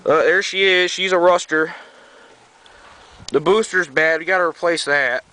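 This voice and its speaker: A man's voice: fairly high pitch, unhurried, pushed and bright, rough recording. A young man from New York with a slight Southern tinge, a little sick, rambling offhandedly outdoors in the cold while showing his truck to a handheld camera. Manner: offhand, rambling, swears casually. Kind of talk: casual rambling walkaround.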